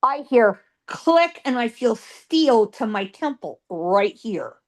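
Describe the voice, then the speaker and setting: A woman's voice: a little high, very animated, takes it slowly. A woman guest psychic telling a ghost story in a dramatic way, acting out voices and sounds and often saying "you know".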